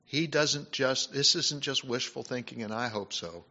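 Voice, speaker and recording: A man preaching a sermon, swinging between loud, emphatic passages and soft, hushed ones, with halting restarts and fillers. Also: mid-range voice. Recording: dull lo-fi recording.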